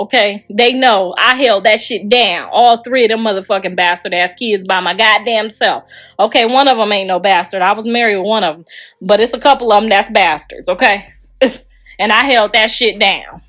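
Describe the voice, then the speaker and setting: A woman's voice: medium pitch, normal speed, fairly bright tone. A middle-aged woman ranting bluntly and profanely on a phone livestream. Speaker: livestream host.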